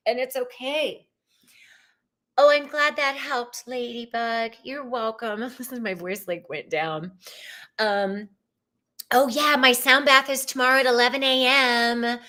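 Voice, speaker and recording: A woman's voice: mid-range voice, pushed and bright. A woman giving tarot readings live, chatting casually with viewers in a bubbly, spiritual way. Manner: chatty, bubbly and spiritual, with frequent likes and ums. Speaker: tarot reader hosting a live stream. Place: living room at home.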